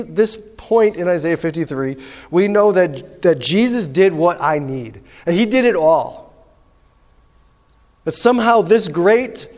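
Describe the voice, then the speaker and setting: A man's voice: high-pitched, darkish tone. A man preaching a sermon, telling stories animatedly and acting out the dialogue himself. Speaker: pastor. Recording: long hall reverb.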